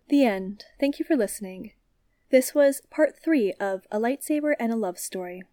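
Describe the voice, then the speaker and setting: A woman reading fan fiction aloud as a podfic reader, in a calm, even storytelling manner. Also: medium pitch, moderate pace, no echo.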